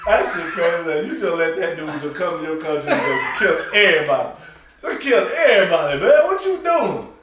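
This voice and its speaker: A man's voice: on the high side, lively intonation, a little fast. A man co-hosting a casual chat, laughing through profane banter about movies. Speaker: co-host. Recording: echoey room, far from mic, noisy.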